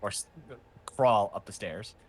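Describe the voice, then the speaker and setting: A man's voice: fairly low pitch, measured pace, slight background noise. A man running a tabletop game as game master, narrating scenes and explaining rules at length.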